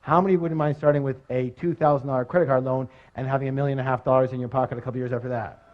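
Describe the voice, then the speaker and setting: A man giving a motivational seminar talk, energetic and quizzing his audience with questions. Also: mid-range voice, racing. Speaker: seminar speaker. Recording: dull lo-fi recording.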